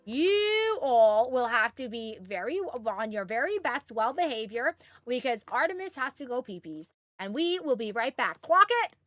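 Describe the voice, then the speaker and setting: A woman's voice: a little high, sing-song, unhurried, hardly any pauses, fairly bright tone, dry recording, faint music behind. A woman from Canada streaming live, chatting with viewers and cooing baby talk to her pet. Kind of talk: casual live-stream chat.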